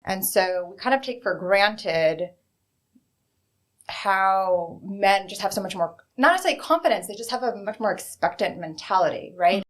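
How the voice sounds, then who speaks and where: A woman's voice: mid-range voice, lively intonation, a little slow. A woman in her thirties, a bank executive, frankly telling stories from her career as an interview guest. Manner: frank, conversational storytelling. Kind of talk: candid interview answers.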